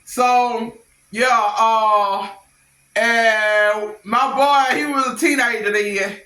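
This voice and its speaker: A middle-aged woman telling stories on her vlog in an animated, blunt, slangy way, quick to laugh. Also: fairly high pitch. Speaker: vlogger. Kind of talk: casual storytelling. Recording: echoey room.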